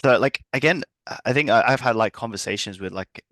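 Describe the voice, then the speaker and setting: A man's voice: mid-range voice, brisk, a bit bright, dry recording. A man hosting a podcast, asking questions in a loose, hesitant way with fillers and restarts. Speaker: podcast host. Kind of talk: casual podcast conversation.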